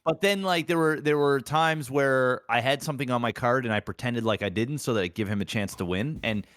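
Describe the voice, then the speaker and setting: Podcast co-host, young man, mid pitch, relaxed rambling storyteller, dry close-miked sound. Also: a little fast, no room sound. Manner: relaxed, rambling anecdotes with fillers. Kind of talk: casual chat.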